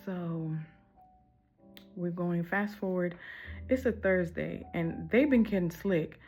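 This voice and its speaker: A woman's voice: lowish voice, slow pace, dark tone, soft background music. A woman telling a casual storytime in a candid, rambling, emphatic way, full of casual slang.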